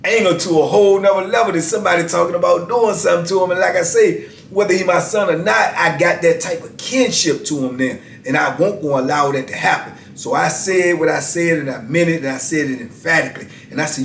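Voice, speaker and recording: A man's voice: a little high, quick pace, vocal fry, slight background noise. Man telling prison stories in a roomy room. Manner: laid-back, conversational, heavy use of "man". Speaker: storyteller. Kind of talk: casual spoken storytelling. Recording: roomy echo.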